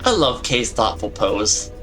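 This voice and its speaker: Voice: mid-range voice, sing-song, a little slow, a bit bright, soft background music. A podcast co-host chatting about a game and reading out viewer comments. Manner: easygoing, reads chat aloud. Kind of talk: let's-play podcast chat.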